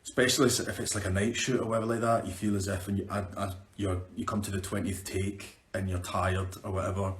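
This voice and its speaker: A man's voice: deep voice, level tone, fast, few pauses. A young Scottish man, an actor, chatting upbeat on a live stream as he answers viewer questions. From Scotland. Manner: chatty, upbeat, restarts words. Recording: roomy echo.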